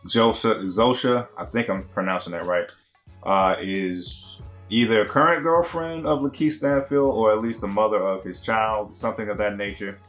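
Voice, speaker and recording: Faint music plays behind this man as he talks through a TV episode at normal speed. His lowish, fairly bright voice has lively intonation, and his recap wanders conversationally with plenty of slang and fillers.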